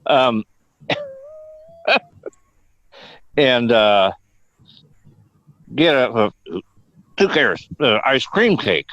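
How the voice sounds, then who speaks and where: A man's voice: mid-range voice, expressive, extremely slow, long pauses, fairly bright tone, no echo. Older guy telling rambling stories, lots of laughing and swearing, voice goes up and down a lot, dull dry sound. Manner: rambling, profane, laughs often. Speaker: guest actor. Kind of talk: casual storytelling.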